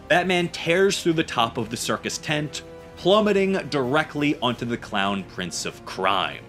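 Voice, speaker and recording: A man narrating a scripted, enthusiastic story pitch as a channel host. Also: a bit bright. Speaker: YouTuber pitching a game story.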